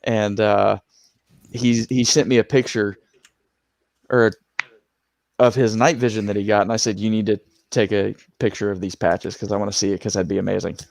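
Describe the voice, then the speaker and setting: A man's voice: on the low side, little pitch movement, moderate pace, creaky, a little mellow, no room sound. A man on a podcast panel asking questions and chatting in an easygoing, curious way. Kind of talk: casual podcast chat.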